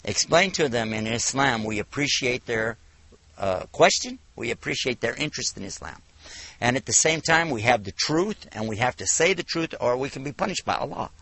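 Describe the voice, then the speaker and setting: A man from the United States giving a televised religious lecture, telling stories with animated, acted-out dialogue. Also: medium pitch, moderate pace. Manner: animated storytelling, acts out dialogue. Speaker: Islamic lecturer.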